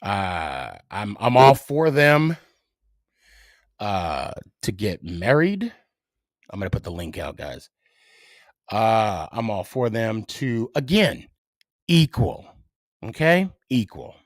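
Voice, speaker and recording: A middle-aged man hosting a solo podcast, giving his views in a halting way, full of fillers and restarts. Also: lowish voice, big pitch swings, dry recording, clean studio sound. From United States. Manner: hesitant, many fillers and restarts. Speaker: podcast host.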